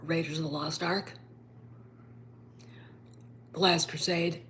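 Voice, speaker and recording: A woman's voice: low voice, fairly even intonation, slow, a bit bright, slight background noise. A woman host giving a casual, rambling film review, emphatic and sometimes dropping to a whisper.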